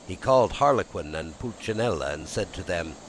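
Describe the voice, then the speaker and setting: A man narrating an audiobook in an expressive, lively storytelling manner. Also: low voice, brisk, slight background noise, rough recording.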